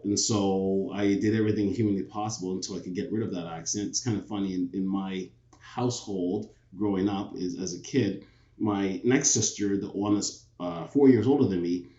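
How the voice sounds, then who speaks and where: A man in his fifties with a low voice and a Canadian accent tells his story as an interview guest. He is reflective and often restarts his sentences. His sound is dull and muffled, and the room is echoey. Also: a little mellow. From born in England, raised in Toronto, Canada. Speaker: guest, retired police officer. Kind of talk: casual interview talk. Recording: echoey, dull remote audio.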